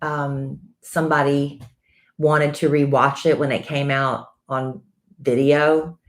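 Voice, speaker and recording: A woman's voice: extremely low pitch, little pitch movement, slow. A middle-aged woman with a Southern US accent, co-hosting a casual live-stream chat and telling stories at length. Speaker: co-host.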